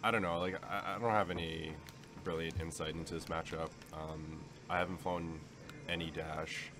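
Casting: a man as deep-voiced, loose, joking game commentator, swears casually. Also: little pitch movement, normal speed, noisy background. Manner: joking, swears freely, talks while eating.

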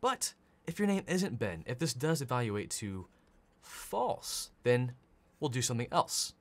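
An excitable man in his thirties walks through a coding lesson over a studio mic. His voice swoops all over in pitch, sitting at an everyday middle height, and he breaks into laughs and sudden playful yells. Keyboard clicks tap along behind him. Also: a little slow. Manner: enthusiastic, playful, laughs often, acts out yelled lines. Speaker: programming instructor. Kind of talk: energetic tutorial narration.

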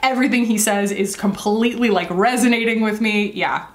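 A woman's voice: mid-range voice, fairly quick. A woman in her thirties talks casually through her makeup routine, rambling and leaning on lots of fillers. Her voice sits in a middle register and rings off the walls of an echoey room at home. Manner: chatty, rambling, many fillers. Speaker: beauty vlogger. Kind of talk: casual makeup tutorial chat.

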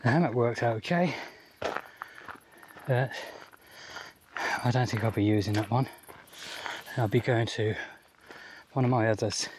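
A man from Australia talks through his camping pack at a middle pitch, easygoing and practical, with the odd restart as he explains. He sounds like a regular host walking viewers through his own gear. A faint hiss of noise sits under his voice. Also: a little slow, pauses often. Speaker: outdoor gear channel host. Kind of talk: casual gear demonstration vlog.

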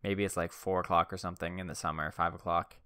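A young man with a deep, flat voice talks fast on his podcast, rambling through casual stories and saying "like" constantly. His tone is sharp and smooth, recorded at studio quality with no room sound.

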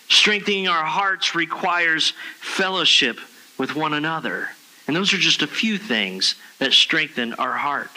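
A pastor delivers a relaxed, conversational sermon, slipping into casual slang and lively retellings. His voice sits a little high for a man and has a very bright, forward tone. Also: low-quality recording.

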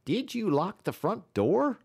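Folksy frontier dog musher, gruff and raised, pitched well up, voiced by a male audiobook reader. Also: big pitch swings, takes it slowly, a little mellow, full character voice. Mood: demanding.

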